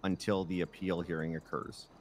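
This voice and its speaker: A man's voice: low voice, level tone, moderate pace, a little hiss or hum. A man talking in character over voice chat, casually explaining legal steps one by one.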